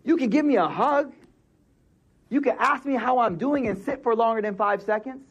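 A man's voice: very high-pitched, normal speed, slightly rough, highs cut off. A man preaching a sermon in a casual, slangy way, repeating key phrases for emphasis. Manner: casual, street-slang delivery with emphatic repetition.

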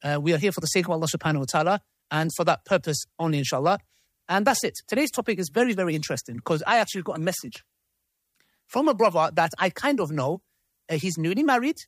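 A man moderates a discussion in an animated way. His pitch moves a lot as he reads messages aloud and comments on them. The sound is dry and close. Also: quick pace, no room sound. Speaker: host.

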